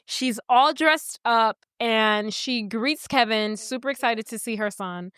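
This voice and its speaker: A woman with a high, bright voice retells a film scene by scene, slipping into the characters' lines as she goes. Her tone is smooth and clear, recorded close and dry with no room sound. The delivery is casual podcast chat. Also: slow pace, dry recording. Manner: animated storytelling, acting out characters' lines. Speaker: podcast co-host. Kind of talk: casual movie recap chat.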